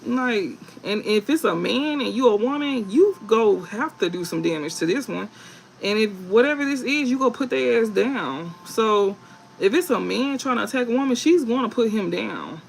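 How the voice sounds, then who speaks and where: A man's voice: sits high, expressive, moderate pace, vocal fry, slight background noise, low-quality recording. A man giving a live tarot reading, blunt and profane, laughing often and repeating points for emphasis. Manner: emphatic repetition. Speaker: tarot reader.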